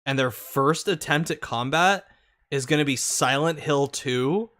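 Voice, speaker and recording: A man's voice: mid-range voice, unhurried, a bit bright. A man co-hosting a casual gaming chat, giving strong opinions and laughing often.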